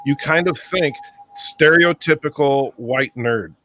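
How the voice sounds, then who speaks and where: A man's voice: on the high side, takes it slowly, a bit bright, slight background noise. A man hosting a casual group chat, talkative and jokey, often restarting his sentences. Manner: chatty, self-interrupting, jokey. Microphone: studio microphone.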